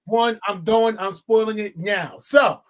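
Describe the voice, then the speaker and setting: A woman co-hosting a casual film review chat, talking in an animated, profane way and repeating phrases for emphasis. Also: mid-range voice, unhurried.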